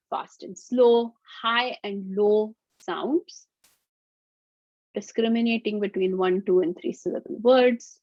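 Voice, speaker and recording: A woman's voice: mid-range voice, a little mellow, no room sound. A woman presenting a live webinar on auditory skills, explaining in an upbeat, playful way. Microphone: computer mic on video call. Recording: dull lo-fi webinar audio.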